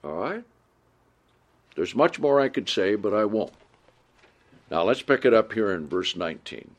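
A man teaching a sermon, reading scripture aloud and explaining it, often checking in with the listeners and rising in pitch to stress points. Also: lively intonation, unhurried. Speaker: preacher.

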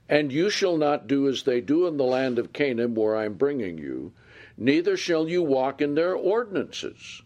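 Slow, lively-voiced man preaching. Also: mid-range voice. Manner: asks the listeners questions and answers them; reads scripture aloud with slow emphasis. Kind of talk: Bible teaching sermon.

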